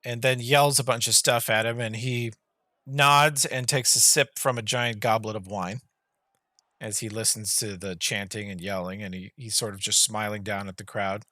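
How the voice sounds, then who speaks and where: A man's voice: fairly low pitch, fairly even intonation, moderate pace, bright, forceful tone, dry recording, studio quality. A man acting as game master, casually narrating scenes and rulings to players in an online tabletop game. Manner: casual, descriptive scene-setting with fillers.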